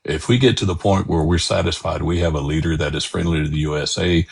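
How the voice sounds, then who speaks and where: A man with a very deep, gravelly voice and a husky edge. He argues politics as a caller on a live stream, stumbling over fillers yet holding firm. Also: fairly even intonation. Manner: halting, many fillers, firm opinions. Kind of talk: casual political debate.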